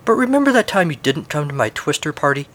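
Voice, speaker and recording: A lonely old hermit, put on by a man reading a comic story, gets even in a wry, grudging voice pitched above his usual. He sounds petty and a little hurt. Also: fast.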